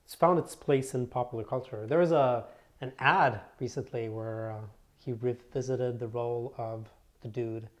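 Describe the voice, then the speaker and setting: A man chatting casually as a co-host, asking curious questions and adding side remarks. His voice sits at an ordinary, middle pitch. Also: steady tone, normal speed. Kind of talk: casual chat.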